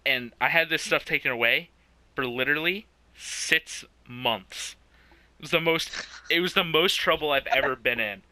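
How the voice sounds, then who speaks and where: Bright-voiced young man, casual and sweary. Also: fairly high pitch, normal speed. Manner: laughs often, swears. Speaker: podcast co-host. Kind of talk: casual chat.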